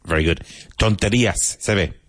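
A male English teacher with a deep, low, fairly bright-toned voice conducts a classroom vocabulary drill. He keeps things brisk and supportive, and the dry, close recording has no room sound or echo.

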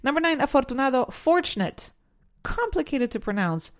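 A woman's voice: high-pitched, big pitch swings. Woman teaching English drills. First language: Spanish. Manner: drills pronunciation, repeats words slowly, switches between English and Spanish. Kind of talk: bilingual language lesson.

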